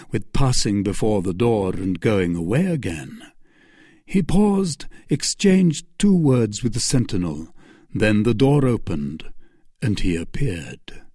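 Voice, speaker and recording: A man narrating a classic novel as an audiobook, in a measured, expressive reading. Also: fairly low pitch, slightly rough, no echo, studio quality. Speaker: audiobook reader.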